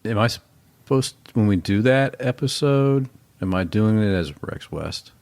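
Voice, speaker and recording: Low-voiced joking male co-host. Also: animated, measured pace, a little mellow. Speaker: podcast co-host. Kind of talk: casual chat.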